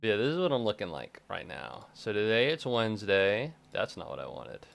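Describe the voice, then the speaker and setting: In his twenties, this college student chats casually on a live stream, rambling along, swearing freely and laughing often. His voice sits fairly low with a sing-song lilt, a little fast, gravelly and a bit bright.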